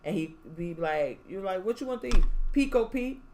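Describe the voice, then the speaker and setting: A young adult woman co-hosting a podcast in casual chat, animated, laughing often and acting out quotes. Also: medium pitch, moderate pace, slight background noise. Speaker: podcast co-host.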